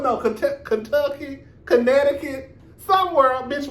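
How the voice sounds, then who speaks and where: A man hosting his own reality TV review vlog, talking in a sassy, animated, profane gossip style with drawn-out emphasis. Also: very high voice, reverberant. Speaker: reality TV reviewer, show host. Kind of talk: casual commentary vlog.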